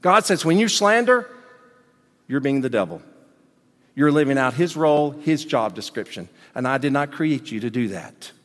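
Animated, emphatic male preacher. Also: mid-range voice, normal speed, long reverb tail. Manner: animated and emphatic, with folksy asides and questions to the congregation. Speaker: pastor. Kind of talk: sermon.

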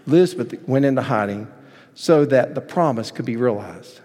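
A man preaching a sermon, telling the story with lively asides and acting out the people in it. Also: mid-range voice, fairly quick, breathy edge, in a large hall. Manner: animated storytelling, acting out voices. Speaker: pastor.

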